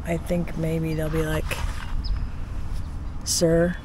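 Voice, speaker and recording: A man's voice: high voice, fairly even intonation, measured pace, background noise. A man vlogging casually from inside his camper van, rambling and joking and talking to his dog. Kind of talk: casual vlog chatter.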